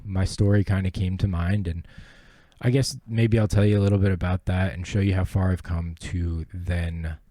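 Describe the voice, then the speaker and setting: A man's voice: low voice, mellow, no echo. A young man hosting a podcast, telling his personal story in a rambling, profane and earnest way. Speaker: podcast host.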